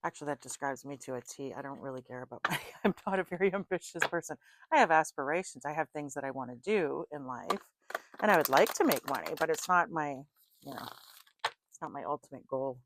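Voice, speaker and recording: Low-voiced chatty woman reading tarot. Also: expressive, fairly quick, background noise. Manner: chatty, laughs often between remarks. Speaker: tarot reader. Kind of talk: casual chat and tarot card reading.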